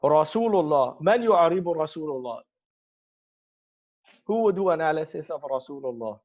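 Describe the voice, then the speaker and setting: Male teacher, slightly high voice, slow careful explanations, dull muffled online class audio. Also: animated. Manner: slow, deliberate drilling of Arabic terms, calling on students. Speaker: Arabic grammar teacher.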